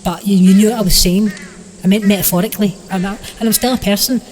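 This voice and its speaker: A man's voice: high voice, steady tone, quick pace, a little mellow, long reverb tail, slight background noise, close to an everyday voice, poor audio. A man voicing a defensive, easily offended swamp monster that talks casually. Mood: touchy. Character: sulky, touchy male swamp monster.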